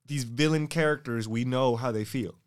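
A man's voice: medium pitch, normal speed, smooth. A man co-hosting a podcast in loose, profane, joking casual chat. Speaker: podcast co-host.

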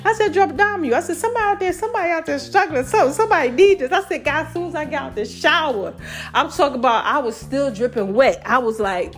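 A woman hosting her own faith podcast in a casual, preachy monologue, animated and laughing often. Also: high-pitched, quick pace, soft background music. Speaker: podcast host.

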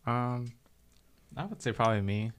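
A man's voice: mid-range voice, clear, resonant tone. A young man talking as a guest in a casual chat, earnest and filler-heavy. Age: young adult. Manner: quick and earnest, many fillers.

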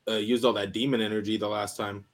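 A man in casual podcast chat, quick and laid-back in his banter. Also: on the low side, level tone.

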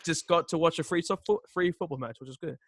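A young man chatting casually, full of "um"s and restarts, often trailing off quietly. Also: on the high side, a little hiss or hum. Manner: halting, filler-heavy, trails off quietly. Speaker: podcast guest. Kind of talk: casual chat.

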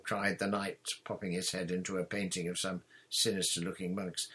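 A man narrating an audiobook in a measured, expressive reading. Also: sits low, breathy edge.

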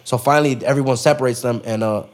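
A man's voice: medium pitch, steady tone, fast. A young man, a podcast guest, telling a story in casual street slang, full of profanity and acted-out quotes.

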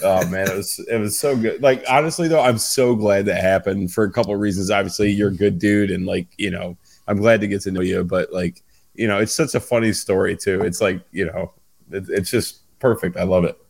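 A man's voice: deep voice, fairly even intonation, brisk, gravelly. A man casually telling a funny story, laughing often and cursing freely.

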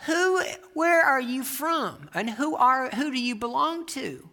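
A man's voice: very high voice, sing-song, slow, gravelly, pushed and bright, in a large hall, voice pushed up, full character voice. A preacher voicing an old small-town male pastor who calls out to a boy in a raised, ringing voice. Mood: warm, insistent.

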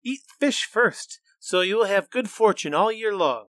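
A man voicing a clever, brave little girl who speaks quickly and eagerly, coaxing a monster in a storybook. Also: high voice, lively intonation, fairly bright tone, no room sound, studio quality, pitched above the performer's own voice. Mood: urgent.

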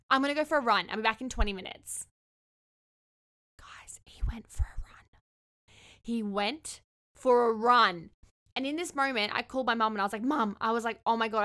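A young woman telling a dating story in a candid, expressive way, swearing freely. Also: fairly high pitch. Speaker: vlogger. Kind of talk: casual storytelling.

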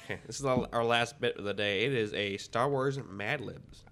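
A man's voice: medium pitch, moderate pace, fairly bright tone. A man co-hosting a podcast, chatting casually with a dry, teasing manner. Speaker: podcast co-host. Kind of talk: casual chat.

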